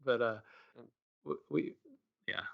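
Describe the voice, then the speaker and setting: Male co-host, halting casual storyteller, muffled lo-fi sound. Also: medium pitch, creaky. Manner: hesitant, filler-heavy storytelling. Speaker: podcast co-host. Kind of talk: casual chat. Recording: slightly dull lo-fi audio.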